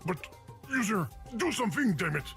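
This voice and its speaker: A fussy, panicky game voice. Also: male voice, sits high, big pitch swings, moderate pace, gravelly, fairly bright tone, heavily acted. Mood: indignant. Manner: pleading, indignant. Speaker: game character. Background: game music.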